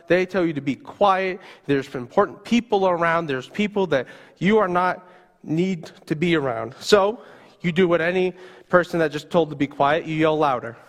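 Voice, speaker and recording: A man's voice: on the high side, normal speed, long reverb tail. A male youth pastor preaching, telling a vivid story in the second person. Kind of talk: sermon storytelling.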